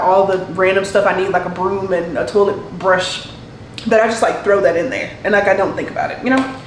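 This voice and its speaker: A woman's voice: mid-range voice, slight background noise. A woman, chatting in a rambling vlog style, full of "like" and "um". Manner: rambling, heavy use of "like" and "um". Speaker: nursing student vlogger. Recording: echoey room.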